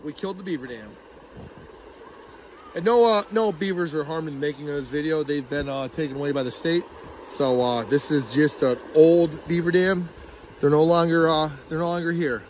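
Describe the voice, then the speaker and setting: A man vlogging outdoors by a pond, chatty and excited as he narrates while walking with a handheld phone. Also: a little high, slight background noise. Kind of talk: casual outdoor vlog commentary. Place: outdoors by a pond and beaver dam. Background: rushing water.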